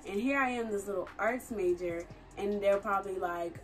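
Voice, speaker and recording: A woman's voice: mid-range voice, moderate pace, distant mic, soft background music. A woman in her twenties, a recent college graduate, chatting casually to camera in a vlog, laughing often and using slangy asides. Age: 20s. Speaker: vlogger. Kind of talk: casual talking-head vlog.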